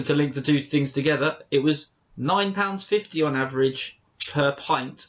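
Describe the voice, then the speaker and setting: A man's voice: medium pitch, dull audio. A man co-hosting a podcast, chatting casually and telling rambling stories with lots of self-corrections. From England. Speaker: podcast co-host. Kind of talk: casual chat.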